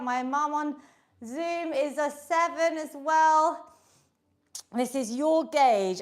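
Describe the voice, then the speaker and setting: A woman leading an online exercise class, upbeat and encouraging, counting down reps and a little out of breath from moving along. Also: sits high. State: slightly out of breath while exercising. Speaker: fitness instructor. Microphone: video call setup.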